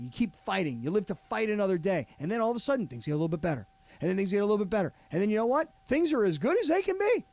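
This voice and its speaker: A man co-hosting a sports radio show, telling a story with animated energy and quoting people in their voices. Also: sits high, vocal fry, no echo. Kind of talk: casual sports radio banter.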